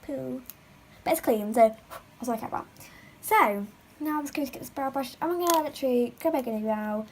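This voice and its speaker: A woman's voice: high voice, brisk, darkish tone, slightly rough, rough recording. A teenage girl chatting through a makeup tutorial at home, rambling and filling her talk with "like.". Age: teens. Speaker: beauty vlogger.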